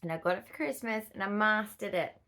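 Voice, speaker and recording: A woman's voice: mid-range voice, lively intonation, quick pace, sharp tone. Chatty, rambling Australian woman vlogger. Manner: rambling and easily distracted, with frequent fillers and laughs. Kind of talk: casual chat to camera.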